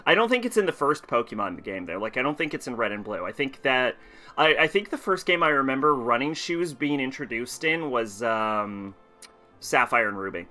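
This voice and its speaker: A man's voice: mid-range voice, expressive, moderate pace, sharp tone, faint music behind. A man casually commenting on a video game stream, chatting with viewers and laughing often.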